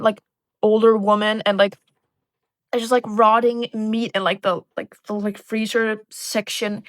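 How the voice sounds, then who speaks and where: A young woman vlogging in casual chat, animated and sarcastic, swearing a lot and tagging lines with "like" and "right?". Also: on the high side, dry recording. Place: bedroom.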